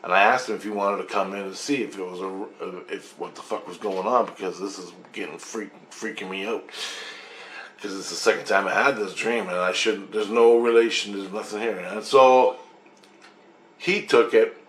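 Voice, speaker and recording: A man's voice: lowish voice, steady tone, normal speed, a bit bright, echoey room, slight background noise. A man telling a long, rambling story in a monologue, swearing freely and restarting sentences. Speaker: vlogger recounting a dream.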